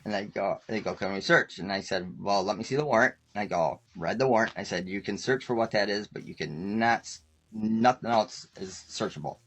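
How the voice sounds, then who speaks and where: A man's voice: on the low side, brisk. A man guest on a talk show, telling rambling stories casually, often laughing and acting out quoted lines. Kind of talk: casual storytelling.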